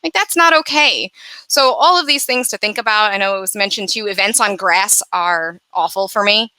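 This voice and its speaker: A woman telling her own story on a panel, talking frankly and loosely with plenty of fillers. Her voice is bright and forceful, and it comes through dry and close over a video call. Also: mid-range voice, moderate pace, dry recording, low-quality recording. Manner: candid, conversational, with many fillers. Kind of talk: personal account in an online panel discussion.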